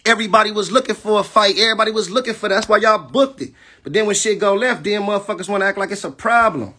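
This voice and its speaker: A man delivers a defiant, profane livestream rant as a battle rapper. His voice sits high for a man and has a husky edge. He talks aggressively and keeps checking in with his listeners. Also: fast, pushed and bright. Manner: keeps asking "you know what I'm saying".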